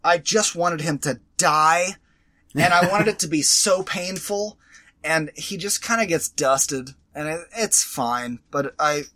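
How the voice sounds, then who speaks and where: A man co-hosting a casual podcast chat, animated and swearing freely as he acts out scenes. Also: fairly high pitch, unhurried. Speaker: podcast co-host.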